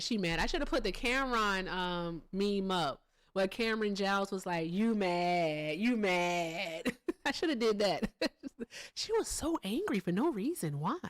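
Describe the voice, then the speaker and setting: A woman's voice: mid-range voice, dry recording. A woman hosting a live stream in a casual, chatty way. She thanks donors, laughs often and swears freely. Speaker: livestream host.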